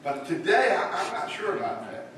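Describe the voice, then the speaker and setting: A man's voice: high-pitched, lively intonation, normal speed, a bit bright. A man teaching a church Bible lesson in a folksy way, putting questions to his class. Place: church room. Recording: echoey room, voice from far off, faint hiss.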